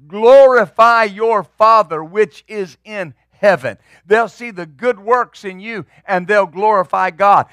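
High-voiced, bright preaching pastor. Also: male voice, no echo, clean studio sound. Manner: preaching with rising, emphatic outbursts and repeated words. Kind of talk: sermon.

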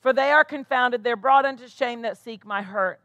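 A high-pitched American woman preaches from the pulpit with a bright, forceful tone. She repeats key phrases over and over and drags out her scripture readings for weight. The sound is close and dry, with no room around it. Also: no echo, muffled recording. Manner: emphatic, repetitive preaching with slowed, stressed scripture readings. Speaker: pastor. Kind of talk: sermon.

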